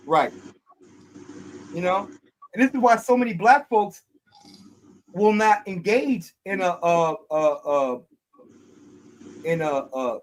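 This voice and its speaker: Animated, lively-pitched streamer from Detroit. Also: low-quality recording. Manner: animated, emphatic, trails off with fillers. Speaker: podcast host. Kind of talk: casual streamed discussion.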